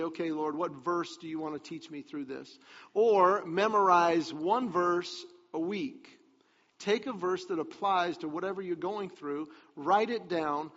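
A man preaching a sermon, his voice fairly high and ringing through a large reverberant hall. The recording is dull and lo-fi. He tells his story as a storyteller, sometimes confiding and sometimes pressing a point. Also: fairly bright tone. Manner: storytelling, confiding then emphatic. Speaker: pastor.

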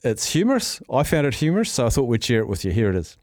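Male sports radio host, casual and chatty, mellow voice. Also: mid-range voice, big pitch swings, fast, dry recording, clean studio sound. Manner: chatty, loose, reads out listener texts.

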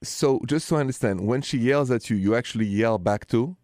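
A man hosting a call-in relationship advice radio show, giving calm, gentle advice. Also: mid-range voice, a little fast, no echo, clean studio sound.

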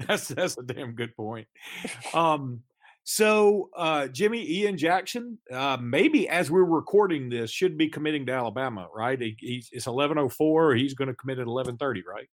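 A man in his thirties co-hosts a relaxed sports podcast with an easy, mid-pitched voice. He rambles through his stories, breaking off and restarting sentences as he goes. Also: moderate pace. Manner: rambling, self-interrupting storyteller. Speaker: podcast co-host. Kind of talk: casual sports podcast chat.

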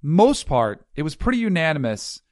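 A man's voice: on the high side, moderate pace, no echo, studio quality. A man co-hosting a casual sports talk show, telling stories and acting out what people said. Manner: animated storyteller, acts out quotes.

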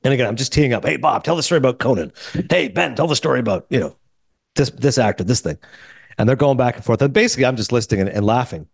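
A man hosting a podcast, telling a story in casual chat and quoting others in quick asides. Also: mid-range voice, expressive, gravelly, breathy edge, no echo, studio quality. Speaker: podcast host.

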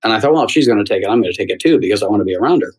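A middle-aged man with a slightly low, husky voice recounts a story in an interview. He talks in a lively way, often stopping to restart a sentence. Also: rapid-fire, low-quality recording. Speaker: theater columnist and former talk show host. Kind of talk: anecdotal interview answer.

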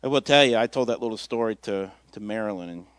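Filling in at church, this lay preacher gives a casual, folksy sermon full of stories and jokes at his own expense. He speaks quickly in a lowish voice, captured in a dry recording.

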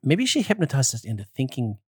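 A man's voice: big pitch swings, quick pace, slightly rough, no echo. Man, podcast co-host, playful and jokey, dry close sound. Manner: playful, jokey, slips into a booming radio announcer voice. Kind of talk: casual chat.

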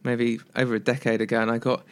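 A man's voice: medium pitch, completely flat delivery, fast talker, clear, resonant tone. A man co-hosting a casual football podcast, blunt and wry, swearing freely. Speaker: podcast co-host.

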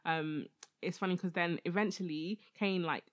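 A woman in casual chat who chimes in with quick jokes. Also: fairly low pitch, fairly even intonation.

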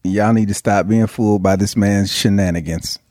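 A man's voice: fairly low pitch, steady tone, moderate pace, mellow, no echo, clean studio sound. A man co-hosting a podcast, joking and arguing the contrary side in casual banter. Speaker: podcast co-host.

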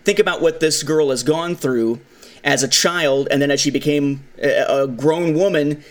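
A man's voice: on the high side, normal speed. A man hosting a casual film discussion, talking with animation and acting out the lines he quotes. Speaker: podcast host.

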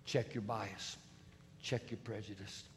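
A male pastor preaching a sermon, emphatic and swelling to shouts. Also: lowish voice, steady tone, measured pace, slight background noise. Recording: long hall reverb with faint music.

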